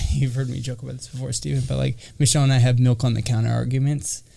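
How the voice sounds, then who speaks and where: A man's voice: mid-range voice, flat delivery, fast talker, gravelly, warm tone. A man speaking in an encouraging and candid way in a casual podcast chat. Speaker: podcast guest, returning regular.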